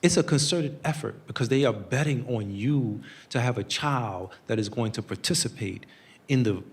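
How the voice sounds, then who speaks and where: A man's voice: medium pitch, normal speed. Earnest man telling a story. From United States. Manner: earnest, storytelling, acts out quotes. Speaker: guest speaker. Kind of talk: conversational public talk.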